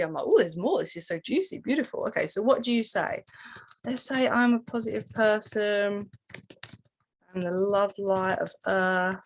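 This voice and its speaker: A woman coaching listeners through a journaling exercise in a casual, animated way, full of fillers and sudden rises in pitch. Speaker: spiritual coach. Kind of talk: casual teaching walkthrough.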